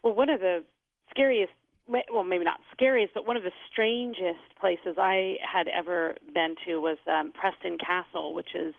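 A woman's voice: on the low side, unhurried, creaky, no echo. A woman author, a guest on a radio show, speaking thoughtfully and hesitantly. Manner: thoughtful, with many fillers and restarts. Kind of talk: radio interview. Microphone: telephone. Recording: tinny phone line.

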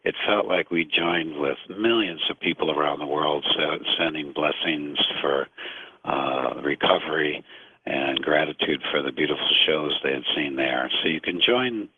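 A man in his fifties speaks as a guest on call-in radio, slow and earnest, pausing often to find his words. His voice sits very low and has a husky edge. The sound is thin and dry, like a phone line. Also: no room sound. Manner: slow, earnest, many hesitations.

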